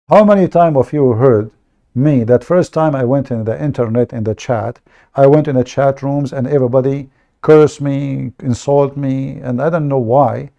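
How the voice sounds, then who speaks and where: A man from the Middle East speaks English with an Arabic accent, his voice low and gravelly with a dark, mellow tone. He talks bluntly and jokes at his own expense, often stumbling over and repeating words in a casual livestream monologue. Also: muffled recording. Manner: blunt, joking, self-mocking, repeats words. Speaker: online debate show host.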